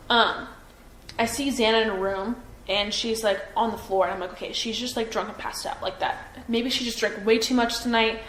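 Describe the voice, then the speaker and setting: A slightly high, somewhat bright voice belongs to a woman in her twenties giving a witness interview to police. She is hesitant, full of fillers and restarts, and the room sounds echoey with faint noise.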